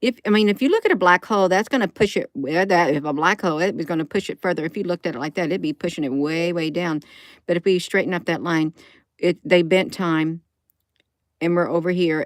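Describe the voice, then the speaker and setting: A woman's voice: on the low side, fast talker, no room sound, clean studio sound. A woman vlogging into her phone, thinking aloud in a casual, rambling way and often restarting her sentences.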